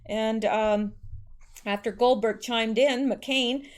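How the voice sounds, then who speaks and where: A woman's voice: on the high side, steady tone, takes it slowly, clean tone. Sarcastic woman reading and mocking the news. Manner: sarcastic, scornful asides between read quotes, many fillers. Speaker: political commentary channel host. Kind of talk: casual news commentary, reading articles aloud.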